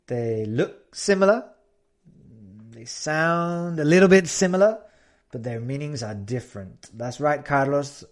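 Slow, lively-voiced male English teacher. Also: fairly high pitch. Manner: relaxed, many fillers, demonstrates example phrases. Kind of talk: casual teaching chat mixing Spanish and English.

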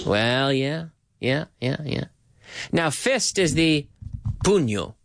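A man with a fairly high, very lively voice that swoops up and down as he hosts a bilingual English lesson. He repeats phrases slowly for learners and slips Spanish words in between. The sound is dry and close. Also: vocal fry, no echo. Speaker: language teacher and podcast host.

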